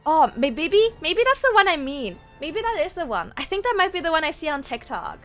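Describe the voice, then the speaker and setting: Woman streamer, high voice, casual rambling chat, quick laughs, light swearing, faint soundtrack music behind. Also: sing-song. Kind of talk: casual livestream chat, reading chat aloud. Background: faint game-soundtrack music.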